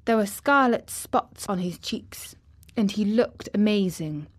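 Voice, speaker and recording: A woman reading a classic children's novel as audiobook narration, measured and steady. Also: medium pitch. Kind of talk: scripted narration.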